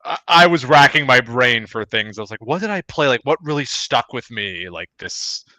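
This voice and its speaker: Jokey podcast dude, bright sharp voice, bounces around a lot, dry mic. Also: male voice, medium pitch, lively intonation, no room sound, rough recording. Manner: quick to agree, jokey. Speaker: podcast co-host. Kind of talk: casual chat.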